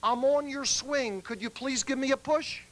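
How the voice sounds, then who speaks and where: A man's voice: extremely high pitch, moderate pace, fairly bright tone, voice pushed up. A man voicing a drunk stranger who mumbles and stammers as he pleads for a push. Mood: pleading.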